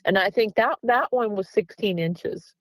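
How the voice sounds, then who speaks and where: A woman's voice: medium pitch, a little slow, no room sound, rough recording. Woman guest, casual storyteller, mid voice, dry close recording, lots of "um" and "like". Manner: retells events by acting out back-and-forth dialogue; chatty, with frequent "um" and "like". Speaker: guest Bigfoot researcher.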